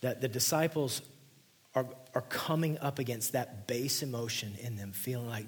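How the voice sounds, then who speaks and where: A male pastor delivers an earnest sermon in a husky, breathy voice. He reads scripture aloud and then unpacks it, and at key points his voice drops to a hushed near-whisper. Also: medium pitch, fairly even intonation, moderate pace. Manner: intense, dropping to hushed near-whispers for emphasis.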